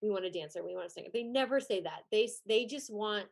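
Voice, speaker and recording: A woman's voice: mid-range voice, quick pace, gravelly. A young adult woman in casual podcast chat as a guest. She talks about her time as a pageant contestant and judge, laughs often and says "like" a lot. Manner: chatty, laughs often, heavy use of "like".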